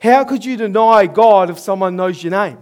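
A man with a New Zealand accent delivers a storytelling sermon in a noticeably high voice. He is earnest and middle-aged, and he chuckles at his own mishaps as he preaches. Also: moderate pace, darkish tone.

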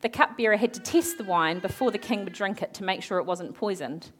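A woman preaching a sermon, retelling a Bible story in a lively way, acting out the characters' lines and asking her listeners questions. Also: mid-range voice, brisk, slight background noise. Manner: animated, acts out quoted characters, asks the audience questions.

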